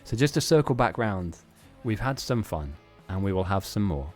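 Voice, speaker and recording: A man's voice: on the low side, big pitch swings, normal speed, darkish tone, faint music behind. A man hosting a live-streamed game tournament, chatting casually in a rambling, self-mocking way with frequent laughs.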